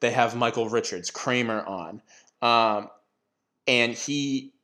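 A man in a casual podcast chat, his voice sitting at an ordinary middle pitch. He rambles through stories, packs his talk with fillers and restarts, and swears offhandedly. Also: takes it slowly, pushed and bright.

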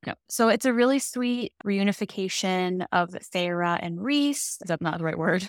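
A young woman co-hosting a casual podcast, chatty and animated as she recaps a fantasy plot with lots of "like". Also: mid-range voice, moderate pace, no room sound, studio quality. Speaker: podcast co-host explaining fantasy books. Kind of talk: casual chat.

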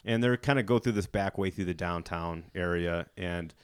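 A man's voice: sits low, normal speed, smooth, dry recording. A man hosting a podcast, animatedly retelling a movie plot in casual chat. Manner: animated storyteller, slips into character voices. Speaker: podcast host.

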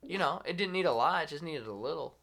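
A man in a casual chat among friends who gives blunt, short reactions and tells his own embarrassing story in a deadpan way. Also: fairly high pitch, quick pace, creaky.

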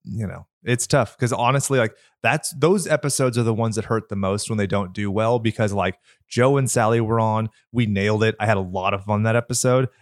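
A man with a nasal voice co-hosting a podcast, talking in a rambling, candid, lively way. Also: on the low side, brisk, few pauses, no echo. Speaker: podcast co-host. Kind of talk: casual podcast chat. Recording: dry close mic.

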